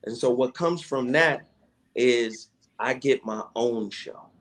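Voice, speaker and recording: A man from Tennessee, a radio personality, telling a story in a casual interview, animated, slangy and profane, acting out what people said. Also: medium pitch, slow pace. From Chattanooga, Tennessee, USA. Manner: animated storyteller who acts out quoted dialogue, with slangy profanity. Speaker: radio personality and podcast guest.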